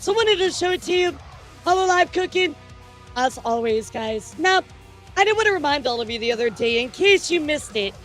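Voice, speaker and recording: A woman hosts a casual streamer news show, chatting straight to her audience. Her voice sits high, and she rambles, jokes and trips over her words with plenty of fillers. Faint music plays underneath. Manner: rambling, jokey, lots of fillers and restarts. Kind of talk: casual news commentary to chat.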